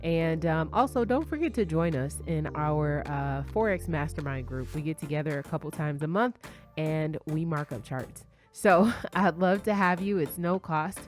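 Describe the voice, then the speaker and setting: A woman, a trading educator, walking viewers through an app in a relaxed, chatty tutorial with light laughs. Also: sits low, moderate pace, soft background music. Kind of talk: casual screen-share tutorial.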